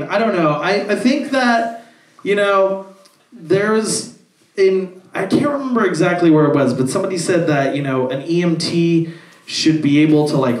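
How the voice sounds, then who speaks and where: A young man with a slightly high, darkish voice does a stand-up set on a comedy club stage, rambling with many filler words and swearing. He is far from the mic, recorded off-mic in a roomy club.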